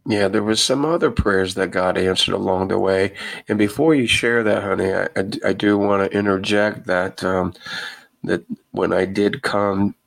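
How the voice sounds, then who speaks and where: A man's voice: sits low, fairly even intonation, normal speed, creaky. A man hosting a podcast with his wife, recalling a family memory in an earnest, easygoing way. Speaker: podcast host. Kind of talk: casual podcast conversation.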